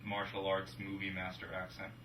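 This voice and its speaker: A young man co-hosting a casual movie-review chat with wry, deadpan jokes. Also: low voice, normal speed, background noise. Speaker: film review podcast co-host. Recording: roomy room from a distance.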